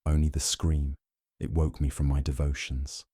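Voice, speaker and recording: A man voicing a dignified widow in mourning who speaks low, quietly and firmly. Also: flat delivery, moderate pace, slightly rough, dry recording, clean studio sound. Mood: solemn.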